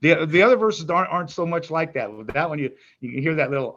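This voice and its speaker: A man's voice: a little high, expressive, quick pace, fairly bright tone, dull audio. An older man, a grandfather and musician, chatting in an interview, rambling with restarts and stammers. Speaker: musician guest. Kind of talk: casual interview chat.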